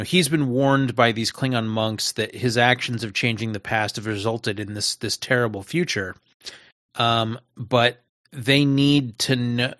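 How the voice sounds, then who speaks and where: A man's voice: medium pitch, fairly bright tone, no room sound, clean studio sound. A man in casual chat about a TV episode, conversational with wry asides. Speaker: podcast co-host.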